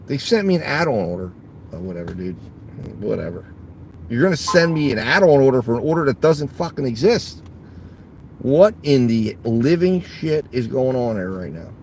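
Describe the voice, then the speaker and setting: A man sits in his car filming himself between delivery orders, with a rough, gravelly voice at an ordinary pitch. He talks to viewers casually, curses often, and jumps between quiet muttering and loud bursts of frustration. Faint engine and road noise hums in the background. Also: sing-song, normal speed. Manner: swears a lot, swings from grumbling to outbursts. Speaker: gig delivery driver. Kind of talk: casual vlog while driving.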